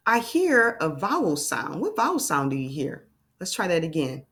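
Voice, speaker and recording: A woman with a fairly low voice leads a phonics lesson for young children. She stretches out each letter sound and breaks it up with gentle questions to her class. Her pace is patient and encouraging. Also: sing-song, moderate pace. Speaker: teacher.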